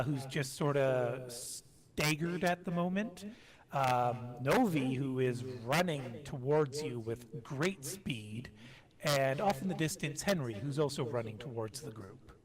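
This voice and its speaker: A man's voice: fairly high pitch, animated, a little slow, crowd noise. A man running a tabletop role-playing game as game master, talking in a rambling, hesitant way with many fillers.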